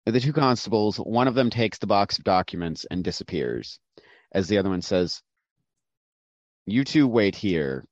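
A man narrating as game master for a tabletop game, measured and descriptive with occasional fillers. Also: lowish voice, dry recording. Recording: dull dry lo-fi sound.

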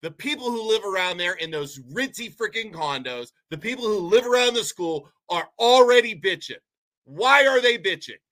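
A man's voice: sits high, expressive, normal speed, fairly bright tone. A man from Ohio delivering a heated, sarcastic rant as a local commentator, sounding a bit sick. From Poland, Ohio, USA. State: sick, unwell. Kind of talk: ranting monologue.

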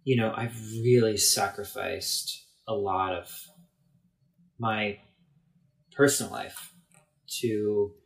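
A man's voice: on the low side, fairly even intonation, slow pace, vocal fry, long pauses, roomy sound. A man speaking earnestly and emphatically in a casual conversation. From United States.

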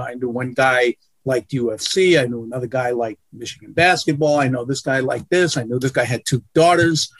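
A man's voice: mid-range voice, no echo. A man telling blunt, profane stories as a guest in an interview over a video call. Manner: blunt, profane, self-deprecating. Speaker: guest, sportswriter. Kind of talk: casual interview storytelling.

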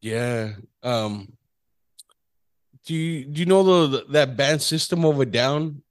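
A man's voice: mid-range voice, slow, no echo. A Mexican American man hosting a casual interview, laid-back and jokey with lots of slang. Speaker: podcast host.

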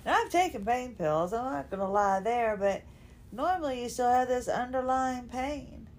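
A woman's voice: fairly high pitch, lively intonation, normal speed, darkish tone. A woman hosting a podcast, talking unscripted while lying down at home, rambling, emotional and often apologizing. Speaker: podcast host. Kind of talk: unscripted personal chat.

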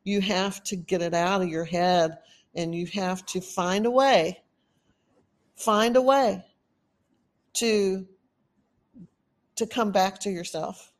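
A woman's voice: mid-range voice, fairly even intonation, takes it slowly, long pauses. A woman with a Texan accent hosting a podcast, giving an urgent, earnest motivational monologue that rambles with fillers. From Texas. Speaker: podcast host.

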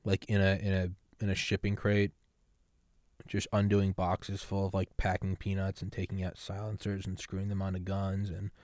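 A man's voice: low-pitched, monotone, moderate pace, darkish tone, no echo, clean studio sound. A man hosting a solo podcast, ranting sarcastically about politics with profanity and rambling asides. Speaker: podcast host.

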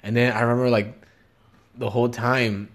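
A young man on a casual podcast with an average-pitched voice. He talks in a laid-back, slangy way and agrees easily. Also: level tone, moderate pace. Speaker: podcast co-host.

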